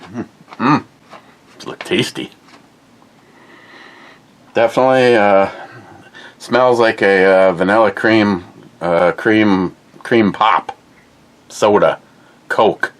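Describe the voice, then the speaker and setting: A man hosting a casual review vlog, talking in an unhurried way and searching for words with fillers as he describes a drink. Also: fairly low pitch.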